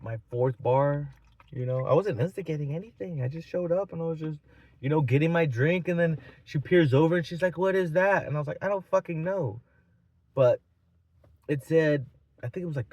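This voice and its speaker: A man's voice: fairly high pitch, a little mellow, dry recording. A man in his twenties telling a rambling, profane, mocking story in a casual vlog. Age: 20s. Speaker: vlogger.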